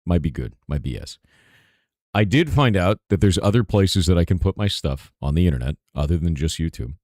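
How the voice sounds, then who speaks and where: A hoarse man streaming live, answering chat in a rambling casual way with lots of "right?" asides. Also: deep voice, lively intonation, a little fast, darkish tone, dry recording, studio quality. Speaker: streamer and game developer.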